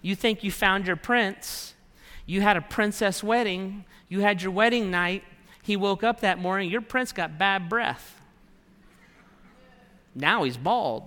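A man's voice: high-pitched, takes it slowly, bright, forceful tone. A man preaching a sermon in a conversational way, acting out the prayers and thoughts of his listeners. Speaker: pastor. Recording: long hall reverb.

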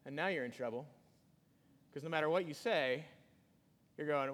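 A man preaching a sermon in a conversational way, with sudden loud rises and soft drops. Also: medium pitch, normal speed. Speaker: pastor. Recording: long hall reverb.

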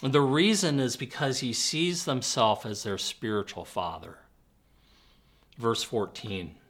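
A man's voice: medium pitch, unhurried, a bit bright. A man preaching a sermon as pastor, earnest with touches of humor and vivid storytelling.

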